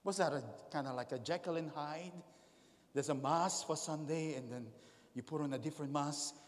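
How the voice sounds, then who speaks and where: A man preaching a sermon as the pastor, swinging between loud calls and quiet asides. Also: fairly high pitch, normal speed. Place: large church hall. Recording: echoey church hall.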